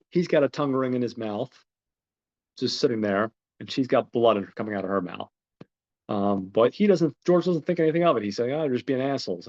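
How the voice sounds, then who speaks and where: A man's voice: mid-range voice, vocal fry, a little mellow. A man hosting a podcast, retelling a film's plot in a rambling, casual way with lots of fillers and swearing. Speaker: podcast host. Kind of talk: casual film recap. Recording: dull lo-fi recording.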